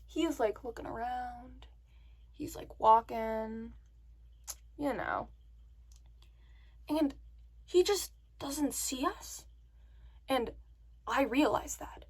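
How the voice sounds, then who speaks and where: A woman vlogger telling a story to the camera in a chatty, animated way. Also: fairly high pitch, slow, pauses often, slightly rough. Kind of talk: casual story time.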